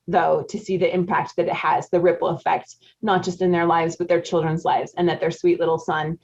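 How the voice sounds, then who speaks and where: A woman's voice: fairly low pitch, little pitch movement, fairly quick, few pauses, darkish tone. Chatty woman coach, lo-fi sound. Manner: chatty, laughs often, quizzes the audience. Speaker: marriage coach. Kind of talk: live webinar coaching talk. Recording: dull lo-fi audio.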